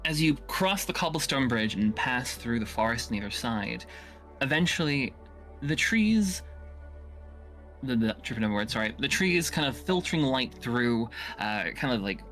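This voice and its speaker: A man's voice: mid-range voice, very animated, moderate pace, fairly bright tone, faint music behind. Casual male game master narrating. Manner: casual, filler-heavy storytelling.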